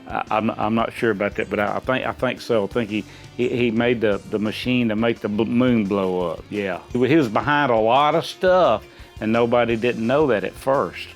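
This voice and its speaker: A man's voice: fairly low pitch, normal speed, soft background music. A middle-aged man answering quiz questions in casual chat, rambling and folksy with many restarts. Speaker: quiz contestant.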